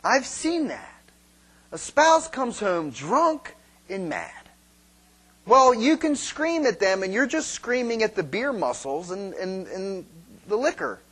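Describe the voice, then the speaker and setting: Speaking slowly in a high, sing-song voice with a fairly bright tone, this preacher talks conversationally about marriage. He asks the congregation questions and dramatizes quarrels in quoted voices.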